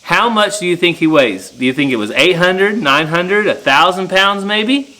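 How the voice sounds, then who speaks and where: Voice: mid-range voice, lively intonation, moderate pace, pushed and bright, poor audio. An adult farm vlogger chatting casually outdoors and teasing a child playfully. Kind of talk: casual farm vlog chat.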